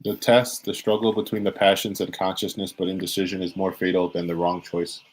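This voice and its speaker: Man, tarot reader, live stream, rambling casual talk, lowish voice. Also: flat delivery, brisk, rough recording. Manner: laid-back, rambling, restarts and repeats phrases.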